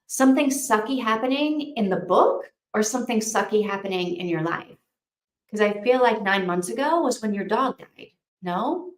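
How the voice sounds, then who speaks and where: A woman hosting a casual live reading sprint, chatting with viewers in a gushing, excitable way. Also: mid-range voice, normal speed. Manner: gushing and excitable, with frequent "oh my gosh". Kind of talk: casual livestream chat. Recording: echoey room.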